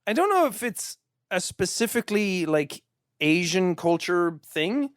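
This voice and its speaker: A man's voice: high voice, sing-song, unhurried, dry recording, studio quality. A man co-hosting a podcast in casual chat, rambling and full of fillers. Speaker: podcast co-host. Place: indoors, in person.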